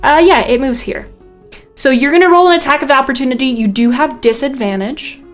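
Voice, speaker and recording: Woman game master, vivid descriptive narration, slightly high voice, faint music behind. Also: fairly quick. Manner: vivid, descriptive, with frequent ums and self-corrections.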